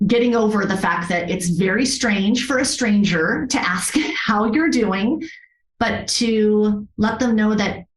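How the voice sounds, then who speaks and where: A woman of middle pitch tells a personal story, earnest and heartfelt. She often stops and restarts her sentences as she goes. Her voice carries a noticeable room echo. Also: a little slow, a little hiss or hum. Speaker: yoga therapist, podcast guest.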